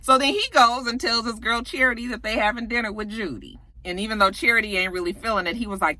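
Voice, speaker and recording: A woman's voice: medium pitch, fast talker, few pauses, sharp tone. A woman giving a casual recap of a TV episode. She talks bluntly and profanely, with a sassy edge, and keeps checking in with "okay?". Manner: colloquial speech, often asks "okay?". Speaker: TV episode reviewer.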